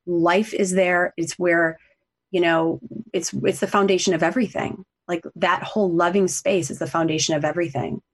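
A woman's voice: lowish voice, steady tone, moderate pace, slightly rough. A middle-aged woman, a coach and author, telling a personal story in an earnest, heartfelt way on a podcast. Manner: earnest, heartfelt, talks through tears at times.

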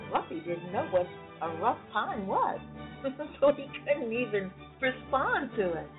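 A woman reading a bedtime story to children, slow and expressive, often laughing. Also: high voice. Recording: phone-like lo-fi sound, faint music.

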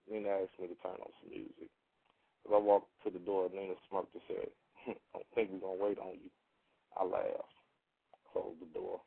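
A man's voice: deep voice, creaky, breathy edge. A man narrating a first-person story in a laid-back, slangy way. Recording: narrow phone-like radio sound.

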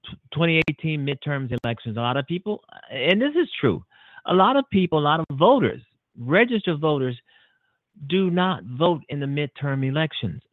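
A man's voice: on the high side, animated, moderate pace, dry recording. Male host, out of breath, repeats himself emphatically, thin phone sound. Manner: repetitive, emphatic, rambling. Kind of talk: casual internet radio talk. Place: home studio. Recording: tinny phone-like line, dry.

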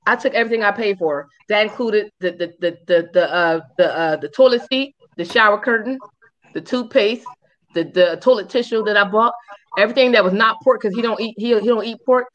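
Woman, podcast co-host, fast casual storytelling, profane, slightly muffled sound. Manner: animated, profane, acts out quotes in high squeals.

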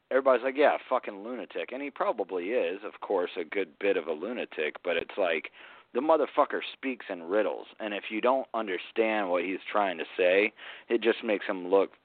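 A very deep-voiced man co-hosts a podcast in crude, rambling casual talk and laughs often. His voice sounds thin and phone-like. It is dry, with no room sound. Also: lively intonation, moderate pace, dry recording. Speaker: podcast co-host.

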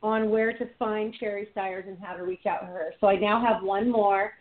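A woman's voice: mid-range voice, fairly even intonation, moderate pace. Gushing woman radio host, phone-thin. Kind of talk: hosting a call-in show. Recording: phone-line sound.

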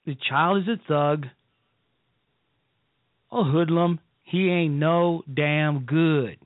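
A man from Chicago's south side hosts a call-in radio talk show, delivering blunt, emphatic commentary in a slow, preachy manner. His voice runs on the high side, with no room sound on the dry, phone-like line.

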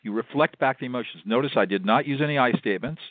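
A medium-pitched older man, a mediator and law professor, appears as a radio interview guest and explains step by step. His manner is measured and instructive, with repetition. There's no room sound, though the phone line sounds tinny.

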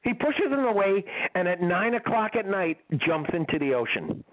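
An older man, a guest musician, telling tour stories in an interview in an animated, laughing way. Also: high-pitched, normal speed. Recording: tinny phone-like line.

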